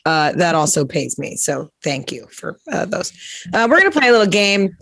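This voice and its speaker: A comedian host chatting loosely and jokily, stumbling through fillers and restarts. The voice sits at a middling pitch. It is recorded close and dry, with no room sound. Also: sing-song, normal speed, vocal fry, fairly bright tone, no room sound. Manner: rambling, jokey, many fillers and restarts. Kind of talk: casual live-stream interview chat.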